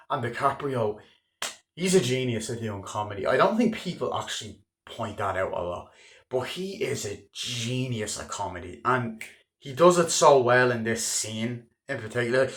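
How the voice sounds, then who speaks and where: A young man talks through a film he loved in a loose, casual review, swearing often and breaking into loud impressions of the characters. His voice sits at a middling pitch. The sound carries a noticeable echo off the room. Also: moderate pace. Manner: excitable, swearing, acts out scenes with raised voice. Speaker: movie reviewer. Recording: echoey room.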